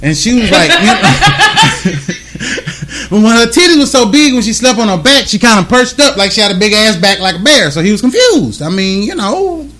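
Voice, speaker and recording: A man's voice: high-pitched, moderate pace, a little hiss or hum. A man telling a profane story in casual chat, acting out the people in it. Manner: animated, profane, acts out quoted voices. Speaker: comedian guest.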